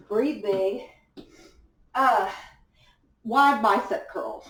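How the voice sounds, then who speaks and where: Her mid-range voice is animated, yet she takes things slowly and pauses often. She's a young fitness instructor guiding a workout at home, giving upbeat cues while doing the exercises herself. Recorded indoors on a distant camera mic, the sound is echoey.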